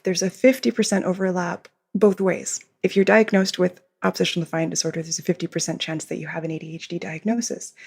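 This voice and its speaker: A woman's voice: fairly low pitch, gravelly, a little mellow, breathy edge. A woman, a behavior consultant, answering interview questions in a podcast and explaining at length, often giggling between points. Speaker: behavior consultant and author, guest.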